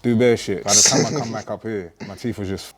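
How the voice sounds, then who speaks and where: A man's voice: on the low side, steady tone, fairly quick, a crowd in the background. A man chatting casually, telling stories in laid-back slang. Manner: laid-back slangy storytelling, tags lines with "bruv". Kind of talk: casual chat.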